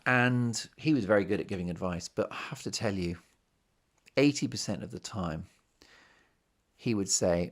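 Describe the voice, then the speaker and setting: A man's voice: lowish voice, animated, measured pace, long pauses. A middle-aged man, hosting a podcast and talking casually to his listeners, often asking them questions. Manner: chatty, conversational, asks the listener questions. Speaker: podcast host. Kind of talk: casual monologue.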